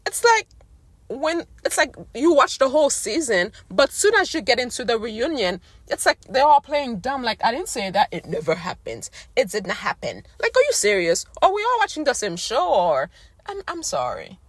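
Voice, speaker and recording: Exasperated woman ranting, voice going hoarse. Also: high voice, sing-song, normal speed, no echo. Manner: exasperated, blunt, slangy. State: losing her voice. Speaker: recap vlogger. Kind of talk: casual rant to camera.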